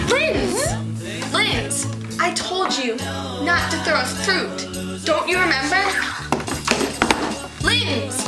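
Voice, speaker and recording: A woman's voice: very high voice, expressive, slow, pauses often, roomy sound, over loud music. A teenage girl rambling through a story in a chatty, filler-heavy way.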